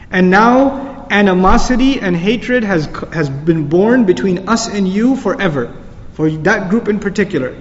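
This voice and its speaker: A man's voice: sits high, animated, moderate pace. A man teaching a Quran lecture, explaining Arabic words and reciting verses, recorded lo-fi in a reverberant hall.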